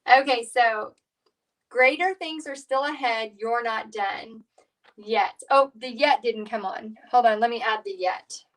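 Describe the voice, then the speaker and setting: A middle-aged woman talks her viewers through a painting lesson, rambling from one story to the next with plenty of "um" and "you know". Her voice sits a little high for a woman. She sounds a bit back from the microphone. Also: unhurried, recorded from a distance, rough recording. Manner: chatty, rambling, warm storytelling with fillers. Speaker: painting instructor. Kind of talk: live painting tutorial chat.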